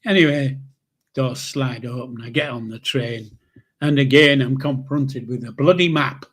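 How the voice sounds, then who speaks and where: A man's voice: medium pitch, unhurried, a bit bright. A man in his seventies with a Yorkshire accent, casually telling a rambling personal story, swearing freely and restarting sentences. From Yorkshire, England. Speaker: channel host.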